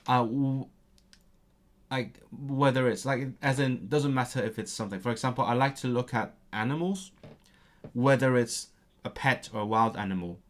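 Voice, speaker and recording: During a casual online language lesson, a man with a medium-pitched voice keeps stopping and restarting as he hunts for words. Now and then he bursts out with excitement over grammar.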